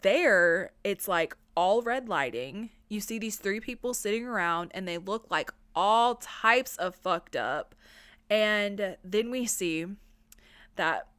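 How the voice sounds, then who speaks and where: A woman's voice: mid-range voice, a bit bright, smooth, no echo. A woman podcast host giving a casual, profane film recap, peppered with filler words. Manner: chatty, profane, lots of "like" fillers.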